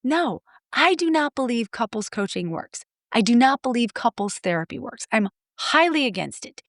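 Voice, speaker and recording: Blunt, animated woman coach, higher voice. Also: moderate pace, dry recording, studio quality. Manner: lively, acts out clients' voices, blunt. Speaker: guest, marriage coach. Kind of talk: animated storytelling interview.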